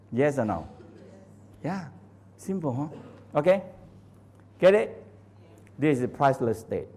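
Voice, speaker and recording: Animated man teaching with broken English. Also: mid-range voice. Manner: animated, asks the audience constant questions, laughs often; non-native English with dropped grammar. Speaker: Taoist teacher. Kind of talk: live workshop teaching. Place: training center hall.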